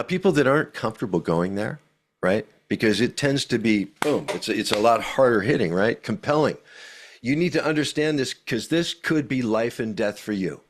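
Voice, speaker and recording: An older man, an author and voice actor, teaching with emphatic energy, swinging between booming and hushed delivery and using deliberate pauses. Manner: uses deliberate pauses for effect.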